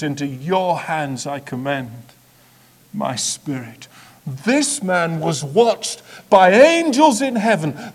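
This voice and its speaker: Male preacher, high voice, slow deliberate sermon, dramatic swings from hush to loud. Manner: dramatic, with sharp swings between soft and loud; measured, repetitive rhetorical build-up.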